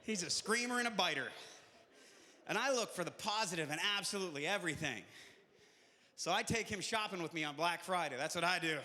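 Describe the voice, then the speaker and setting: A man's voice: high-pitched, expressive, fairly quick, sharp tone, big-room sound. A male comedian performing a stand-up set, punchy and chatty with the crowd.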